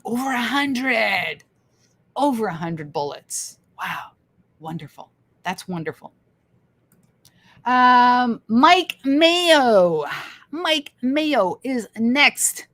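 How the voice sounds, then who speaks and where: A woman's voice: fairly high pitch, big pitch swings, very slow, pauses often, a bit bright. A woman hosting a casual livestream, reading viewer comments aloud with enthusiasm and frequent laughter. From Canada. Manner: enthusiastic, laughs often, repeats phrases. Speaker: livestream host.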